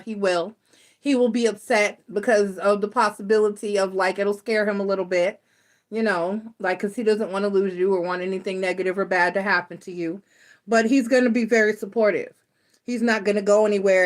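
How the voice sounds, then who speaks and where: A woman giving a live tarot reading, rambling and reassuring, with many fillers and restarts. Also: medium pitch. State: close to tears. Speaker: tarot reader.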